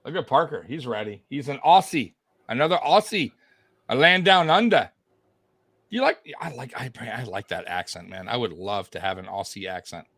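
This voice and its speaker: A man's voice: medium pitch, big pitch swings, moderate pace, fairly bright tone, dry recording. A man co-hosting a podcast, giving casual live fight commentary in a chatty, rambling way, often repeating himself and laughing. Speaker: podcast co-host.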